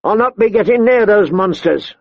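A man's voice: high voice, animated, moderate pace, no echo, voice pushed up. A man reading an audiobook, voicing a blunt, defiant female outlaw, in a dry, slightly dull recording.

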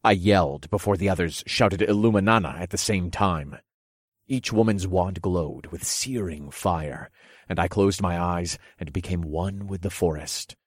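A man narrating a dark fantasy audiobook in the first person, steady and dramatic. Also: low voice, unhurried, husky, no echo, studio quality.

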